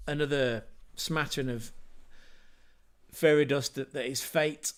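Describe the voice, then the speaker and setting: A man's voice: mid-range voice, steady tone, measured pace, clean tone. Chatty man hosting football talk. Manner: chatty, rambling, self-mocking asides. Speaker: football podcast host. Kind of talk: casual livestream football talk.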